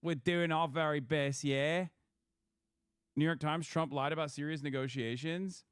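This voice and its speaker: Brief: young male streamer, slightly high and smooth, swears freely, close dry mic. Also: steady tone, a little slow, no echo. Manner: profane, sarcastic, laughing. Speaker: commentator reacting to clips. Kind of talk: casual reaction commentary.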